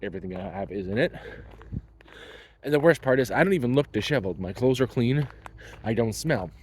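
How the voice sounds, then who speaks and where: A man's voice: medium pitch, animated, fairly quick, darkish tone, a little hiss or hum. A man in his thirties telling a personal story in a blunt, wry, casual way. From Canada. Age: 30s.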